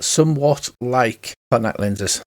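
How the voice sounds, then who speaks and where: A man's voice: medium pitch, slow pace, no room sound. A man narrating as game master of a tabletop game, chatty and laughing often.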